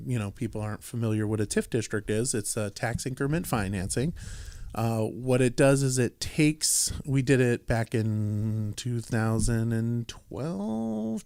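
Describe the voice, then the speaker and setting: A man co-hosts a podcast, talking casually through council business and reading a council resolution aloud, full of fillers and restarts and a dry sense of humor. His voice sits in the mid range with a darkish tone, and there's no echo.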